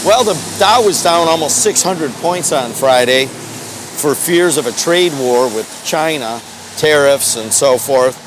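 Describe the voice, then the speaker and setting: A man's voice: a little high, animated, a little slow, background noise. A middle-aged man hosting a morning radio show, talking in a rambling, folksy, jokey way outdoors. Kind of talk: casual talk radio monologue. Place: outdoors in the snow.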